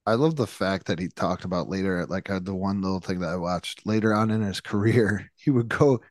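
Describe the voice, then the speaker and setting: A man's voice: deep voice, fairly quick, no echo, studio quality. A man from New York co-hosting a podcast, rambling through stories, acting out quotes and laughing often. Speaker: podcast co-host. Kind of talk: casual chat.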